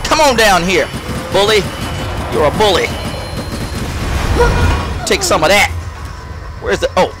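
A man doing excitable, trash-talking commentary on the game he is playing. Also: high voice, takes it slowly, long pauses. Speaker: let's play gamer. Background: game music.

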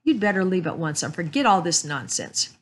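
A woman reading aloud and voicing a sour middle-aged spinster with a shrill, scornful way of talking. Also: sing-song, brisk. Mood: indignant.

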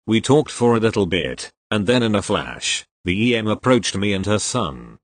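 Man, lowish voice, reading forum posts aloud, spells out abbreviations, dry close sound. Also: very animated, moderate pace, few pauses, no room sound. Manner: reads abbreviations out letter by letter. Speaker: reader of online posts.

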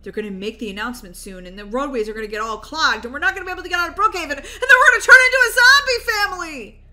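A woman voicing a protective but jittery family father who stammers and rushes his words. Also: medium pitch, pushed and bright, lightly acted. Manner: rushed and stammering when alarmed.

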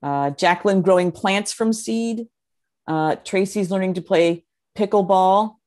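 A woman co-hosting a webinar, reading audience comments aloud in a halting way with many fillers. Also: mid-range voice, a little mellow. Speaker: co-host reading the chat.

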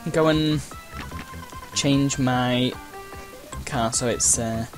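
A man talks casually over his racing game at a middle pitch, rambling between thoughts with lots of uhs and playful cheers. Loud game music and engine noise run under his voice. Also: drawn-out words. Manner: chatty and rambling, with frequent uhs and playful exclamations. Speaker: gameplay commentator. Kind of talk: casual let's-play commentary. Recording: game music and sound effects behind the voice.

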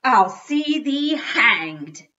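A storybook father who bellows and wails, as a woman reader puts him on, spitting out grand antique curses in drawn-out bursts. His voice climbs high and loud when he is upset. The recording is dull and lo-fi. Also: fairly even intonation. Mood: howling. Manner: bellowing, wailing, drawn-out outbursts. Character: excitable dad, loud, theatrical old-style cursing.

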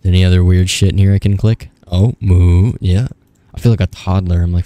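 Low-voiced young man gaming. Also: fairly even intonation, a little fast, warm tone, no room sound. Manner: rambling, profane, talks back at the screen. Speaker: gaming YouTuber. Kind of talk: casual gameplay commentary.

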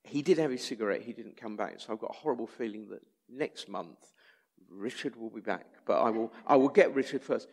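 Speaking briskly in a mid-range voice, this English-accented street chaplain relays personal anecdotes at a church talk. He keeps it conversational and acts out the voices of people he quotes.

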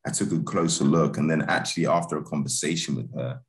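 Deep-voiced relaxed man. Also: fast. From Britain. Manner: laid-back, laughs easily, many restarts and fillers. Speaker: film director and actor, interview guest. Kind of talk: casual interview chat.

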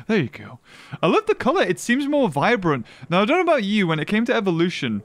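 A young man commentating on his gameplay in a chatty, excitable way. His voice sits a little high and jumps around with lots of lively intonation. He often thinks aloud as he plays. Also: fast. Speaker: gaming video host.

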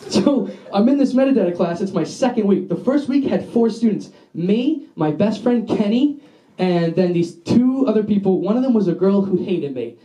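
A man's voice: sits high, expressive, moderate pace, warm tone, reverberant, low-quality recording. A young man doing a stand-up set in a small basement venue, telling a rambling, profane story and throwing in asides to the crowd. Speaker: stand-up comedian.

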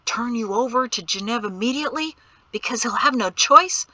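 A woman voicing a stern, worried middle-aged father who keeps his voice low and tense, often close to a whisper. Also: animated, normal speed, pushed and bright, no room sound, full character voice. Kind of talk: audiobook character reading.

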